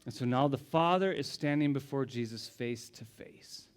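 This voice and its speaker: A male pastor preaching a sermon, telling the story dramatically, dropping to hushed whispers and rising to loud exclamations. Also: medium pitch, moderate pace, smooth.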